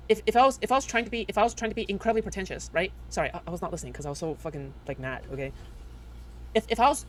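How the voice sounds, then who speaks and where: A woman's voice: mid-range voice, slight background noise. A woman streamer ranting heatedly to her chat, swearing often and tagging nearly every sentence with "okay?". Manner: heated, profane, repeats "okay?" constantly. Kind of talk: livestream reaction rant.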